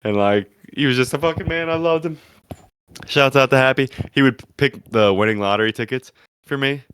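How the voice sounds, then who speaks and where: A man's voice: medium pitch, fairly quick, a bit bright, smooth. A young man co-hosting a comedy podcast, telling loose, profane stories full of "like" and "dude". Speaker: podcast co-host. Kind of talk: casual comedic chat.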